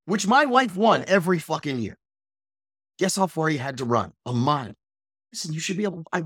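A middle-aged man hosting a podcast, giving an intense, profane, confrontational motivational monologue that rises into loud ranting. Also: on the high side, breathy edge, no echo, studio quality. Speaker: podcast host.

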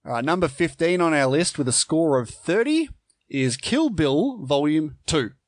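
A man co-hosting a podcast in a relaxed, playful chat. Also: on the high side, normal speed, no room sound, studio quality. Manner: relaxed, playful, laughs often. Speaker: podcast co-host. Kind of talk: casual chat.

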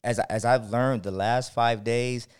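A man co-hosting a podcast, telling a personal story in a lively, animated way with emphatic asides. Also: mid-range voice, a little slow, clear, resonant tone. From San Diego. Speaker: podcast co-host.

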